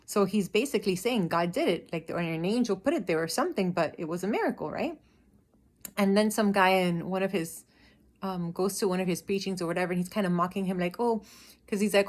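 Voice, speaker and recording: A woman's voice: mid-range voice, fast. Chatty woman vlogging about her Bible reading. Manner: chatty and amused, retelling stories with lots of "like". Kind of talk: casual Bible commentary vlog.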